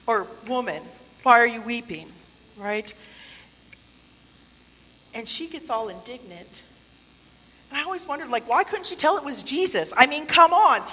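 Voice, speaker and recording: A woman with a fairly high, sharp voice and a breathy edge preaches a sermon in a church sanctuary, where a long hall reverb surrounds her. Her delivery is conversational and playful, with asides and acted-out quotes.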